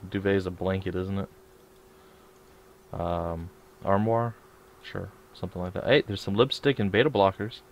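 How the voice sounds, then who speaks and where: Joking low-voiced man playing a game. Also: fairly even intonation, moderate pace, long pauses, lo-fi sound. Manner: joking, chatty, mumbles asides. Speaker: let's play host. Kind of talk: casual gameplay chat.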